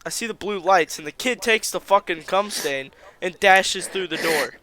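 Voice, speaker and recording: A man's voice: sits high, moderate pace, pushed and bright. A man improvising a crude story in a rambling, laid-back way over voice chat. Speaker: comedy game player.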